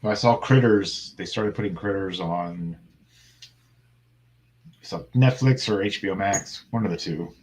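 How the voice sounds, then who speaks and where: A man's voice: sits low, measured pace, long pauses, a little mellow, low-quality recording. A man in his thirties in casual chat as a co-host, laid-back and rambling, with dry sarcasm. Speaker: podcast co-host.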